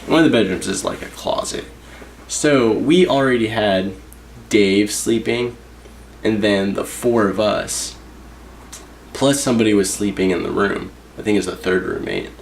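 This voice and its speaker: A young man speaks slowly and hesitantly, with many fillers. His voice is low and gravelly, and faint noise sits behind it. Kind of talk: casual storytelling.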